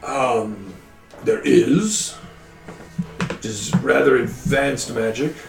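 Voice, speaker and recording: A busy male professor of magic speaks in a formal, stiff way, as a man voices him at the table. The voice is gravelly. The room echoes, and faint music plays behind. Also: mid-range voice, extremely slow.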